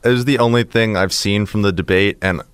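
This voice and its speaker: A man's voice: on the low side, fairly quick, clear, resonant tone. A man co-hosting a radio show, laughing and enthusiastic in casual chat.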